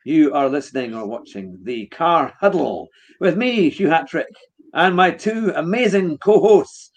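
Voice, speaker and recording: Man, podcast host, upbeat, jokey, slightly high voice, casual motorsport chat. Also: lively intonation, unhurried, lo-fi sound. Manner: upbeat, jokey, greeting the audience.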